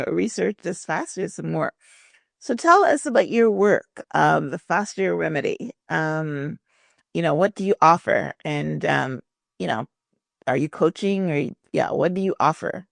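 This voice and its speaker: A woman hosts a podcast with a gravelly, low-set voice, answering her guest with encouraging affirmations. Her questions come in a loose, casual flow. The sound is dry and close, with no room around it. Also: expressive, measured pace, no room sound. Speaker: podcast host. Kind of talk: casual interview talk.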